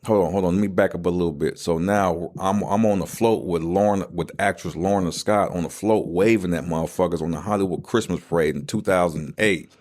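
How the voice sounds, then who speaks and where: A man's voice: low-pitched, brisk, hardly any pauses, darkish tone, no echo, studio quality. A middle-aged man hosting a podcast, telling his life story in casual streetwise slang and acting out the voices of the people he quotes.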